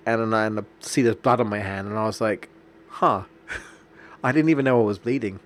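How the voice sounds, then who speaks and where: A young man with a lowish, fairly quick voice streams a video game while offering casual commentary. He tells a long, rambling, anecdotal story, restarting often and leaning on fillers.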